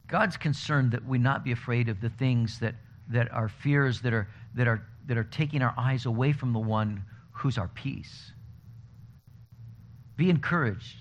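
A man preaching a conversational sermon, telling stories in an animated way. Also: mid-range voice. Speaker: pastor. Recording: dull lo-fi recording with faint noise.

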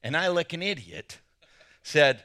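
A male preacher with a bright, sharp voice that sits a little high and swings widely in pitch. He tells his story with animation and acts out quotes, jumping suddenly loud. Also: lively intonation, unhurried. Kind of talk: sermon with personal anecdotes.

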